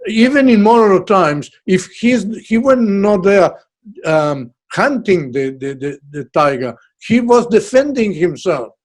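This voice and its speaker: A man's voice: high-pitched, sing-song, a little slow. An older man from Uruguay with a Uruguayan Spanish accent, a guest artist chatting casually, often repeating words as he searches for the English. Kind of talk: casual chat.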